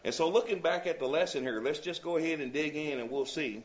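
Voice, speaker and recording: A man's voice: on the high side, quick pace, muffled recording. A man leading a Bible study class. He reads scripture aloud and often checks in with his listeners, asking "you see?".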